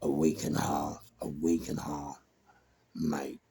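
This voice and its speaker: London man, low and rough-edged voice, casual storyteller who acts out the quotes. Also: monotone, measured pace, dark tone. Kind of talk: casual spoken anecdote.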